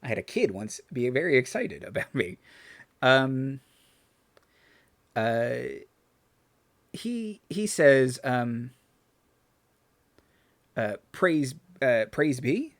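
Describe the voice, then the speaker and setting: A man's voice: medium pitch, sing-song, extremely slow, long pauses. Hesitant man narrating as dungeon master. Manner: hesitant, full of fillers and restarts. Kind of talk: narrating a tabletop game.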